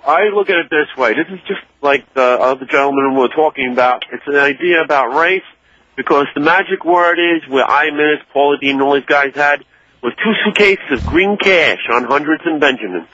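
A man's voice: fairly high pitch, a little fast, sharp tone, dry recording. A man calling in to a talk radio show, chatting and agreeing with the host. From New York. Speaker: caller. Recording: dry lo-fi call audio.

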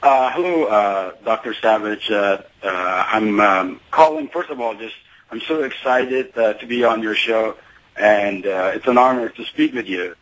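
A man's voice: fairly low pitch, a little slow, fairly bright tone, low-quality recording. A middle-aged man from Iran calling into a radio show, hesitant and full of fillers. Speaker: caller. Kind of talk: phone-in call to radio show.

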